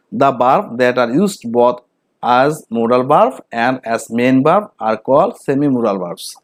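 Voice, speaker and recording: A man with a Bengali accent teaching English grammar, reading out each example sentence slowly and saying it again. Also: medium pitch, no room sound. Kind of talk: slow grammar lesson with repeated examples.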